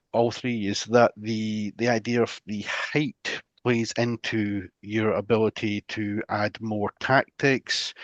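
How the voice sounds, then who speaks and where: An English man with a lowish voice hosts a casual podcast chat, rambling with lots of restarts and fillers. The recording is dry, with dull lo-fi sound.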